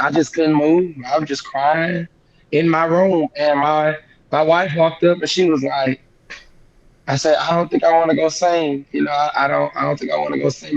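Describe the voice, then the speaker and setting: A young man telling a painful family story in an interview, halting and repeating himself, his voice rising when he relives the shock. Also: on the high side, dull audio. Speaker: guest singer.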